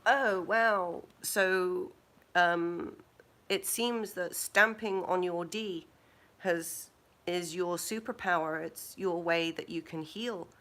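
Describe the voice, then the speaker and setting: A woman voicing a wise divine figure who calmly gives advice in a retold film scene. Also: on the low side, takes it slowly. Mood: amused.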